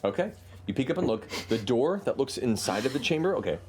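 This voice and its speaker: A man's voice: mid-range voice, slight background noise. A man narrating a tabletop game as game master, describing scenes and calling for rolls. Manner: lively, animated narration with quick asides.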